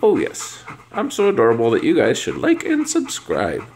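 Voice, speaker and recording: A man putting on the voice of a doting golden retriever, squeaky and high with big swoops. It sounds adoring and cute, with a gravelly edge. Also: huge pitch swings, moderate pace, a little mellow, slight background noise, full character voice. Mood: gushing. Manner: high sweet doggy baby voice. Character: cheerful adoring male golden retriever dog.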